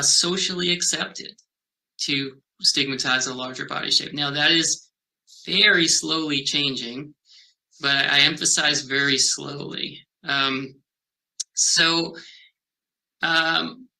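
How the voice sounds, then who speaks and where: A male researcher answers interview questions in a very bright, forward voice. He speaks thoughtfully and haltingly, restarting phrases and filling gaps with "um". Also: a little high, fairly even intonation, poor audio. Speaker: health behavior researcher.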